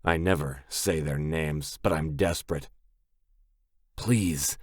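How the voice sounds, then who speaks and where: A man's voice: a bass voice, steady tone, moderate pace, no echo, clean studio sound. A man narrating a romance audiobook in first person, in a gritty, blunt way.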